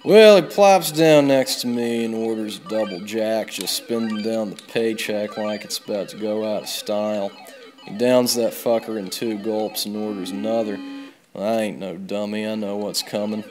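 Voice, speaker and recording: A man hosting a video game let's play, telling a rambling comic bar story in a deadpan drawl with plenty of swearing. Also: lowish voice, normal speed, faint music behind. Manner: deadpan drawl, swears freely, loud bursts on quoted yells. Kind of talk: comic rambling tall tale over gameplay.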